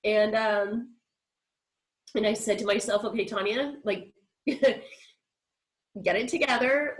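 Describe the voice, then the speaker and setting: On a video call, a woman guest speaker candidly tells her personal story with quoted dialogue, short of breath and nasal from congestion. Her voice is medium-pitched, and the recording is rough.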